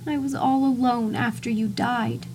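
A woman's voice: a little high, steady tone, unhurried, darkish tone, a little hiss or hum, pitched above the performer's own voice, close to an everyday voice. A woman voicing a bitter ghostly mother who speaks coarsely and accusingly.

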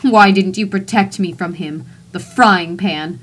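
A woman's voice: a little high, fairly even intonation, unhurried, darkish tone, slightly rough, voice pushed up. A woman voicing a bitter ghostly mother who speaks coarsely and accusingly.

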